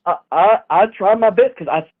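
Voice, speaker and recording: A man's voice: high-pitched, normal speed. Stammering man on a tinny phone line. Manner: apologetic, stammering. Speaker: caller. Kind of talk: prank call.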